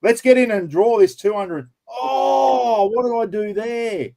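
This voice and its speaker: A man with an Australian accent hosting a casual livestream chat and prize draw, matey and quick to laugh. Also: very high-pitched, warm tone. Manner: chatty, matey, laughs easily. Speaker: livestream host.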